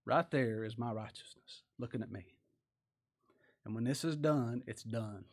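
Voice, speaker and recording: Man preaching a sermon, loud then hushed. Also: unhurried. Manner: animated preaching that swings between loud emphatic lines and low quiet asides; folksy plain-spoken grammar, reads scripture aloud.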